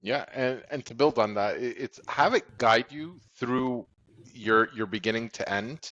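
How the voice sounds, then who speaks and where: A man's voice: medium pitch, unhurried, a bit bright. A man in casual podcast chat who rambles with many fillers and laughs at his own stories. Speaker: podcast co-host. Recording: dull lo-fi audio.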